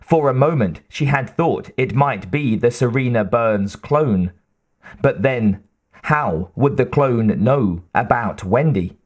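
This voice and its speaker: Guy reading an audiobook, mid pitch, slow and even. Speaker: audiobook narrator. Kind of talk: audiobook narration.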